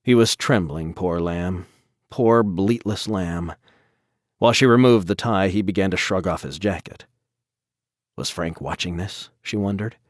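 A man narrating a dark story as an audiobook, in a measured, even storytelling manner. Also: low voice, no room sound, studio quality.

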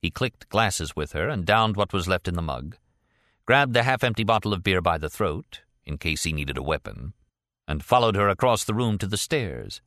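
A man narrating a novel in an expressive storytelling manner. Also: deep voice, normal speed, no echo, studio quality. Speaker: audiobook narrator. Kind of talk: scripted narration.

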